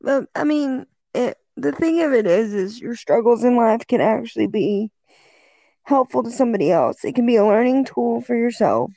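A woman with a thick Texas accent who talks in an easygoing, folksy way. Her voice is low, gravelly and mellow, and her pitch rises and falls a lot. The recording is dry and close. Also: animated, normal speed, no room sound. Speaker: guest, longtime friend. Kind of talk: casual chat.

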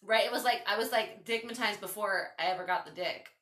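A woman hosting a podcast, telling a story in a casual, animated, foul-mouthed way. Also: medium pitch, fairly quick, roomy sound, recorded from a distance. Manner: animated, swearing, lots of "like". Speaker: podcast host.

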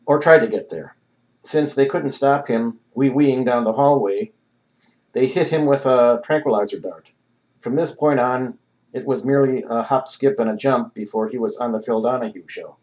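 A man narrating a comic novel in a wry, deadpan reading. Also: mid-range voice, normal speed, rough recording. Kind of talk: audiobook reading.

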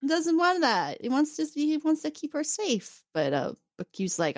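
A woman in casual chat, retelling an episode with lively storytelling and laughing often. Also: mid-range voice, normal speed, few pauses, no room sound, clean studio sound. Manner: animated storytelling, acting out characters' lines. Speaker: podcast co-host.

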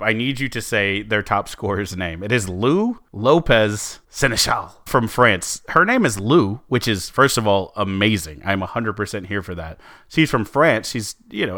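A man's voice: fairly low pitch, a bit bright, no echo, studio quality. A man co-hosting a sports podcast, talking casually with many fillers and restarts. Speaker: podcast co-host.

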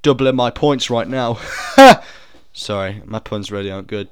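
A young British video creator with a fairly low, slightly fast, clear and resonant voice takes an online quiz on camera, giving casual commentary as he thinks aloud, doubts his answers and makes puns. The audio is studio quality with no room sound.

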